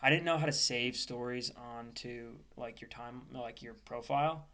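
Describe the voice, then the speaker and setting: A young American man co-hosting a podcast. He talks in a relaxed, laid-back way and leans on fillers. His voice sits at an ordinary middle pitch. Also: moderate pace. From United States. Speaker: podcast co-host. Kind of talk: casual chat.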